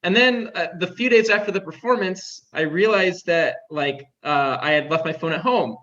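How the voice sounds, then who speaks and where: A man's voice: high voice, moderate pace, fairly bright tone. A young man telling stories as an interview guest in a chatty way, with lots of filler words. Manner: chatty, heavy use of "like" fillers. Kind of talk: casual storytelling. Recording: dull lo-fi sound.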